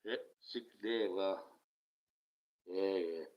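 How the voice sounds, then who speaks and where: A man hosting a livestream in a casual rant, profane and sarcastic, swinging from loud outbursts to mutters, on dull lo-fi audio. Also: low voice, drawn-out words. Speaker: livestream host.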